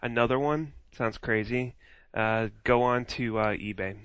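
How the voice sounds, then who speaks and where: Male podcast co-host, mid-range voice, relaxed and chatty. Dry, dull lo-fi recording. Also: mid-range voice, measured pace, smooth, no room sound. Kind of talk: casual chat.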